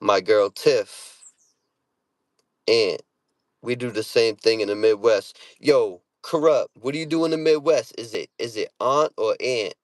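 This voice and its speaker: A man's voice: on the low side, moderate pace, few pauses, no echo. A middle-aged man, chatting casually with viewers on a livestream in streetwise, profane slang, often repeating himself. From Boston area. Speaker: livestream host.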